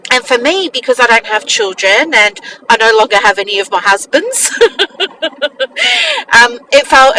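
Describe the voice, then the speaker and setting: A middle-aged woman shares a personal story in a heartfelt, candid way, pausing on fillers as she goes. Her voice is bright and sits a little high. The mic is set some way off, with faint noise behind her. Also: far from the mic, poor audio. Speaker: business mentor.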